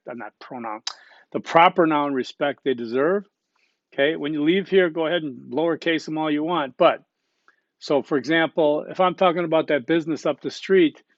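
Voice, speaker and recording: A man's voice: a little high, dry recording. Man lecturing casually, dry dull recording. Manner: conversational, peppered with "okay?" and fillers; self-correcting asides. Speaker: college instructor.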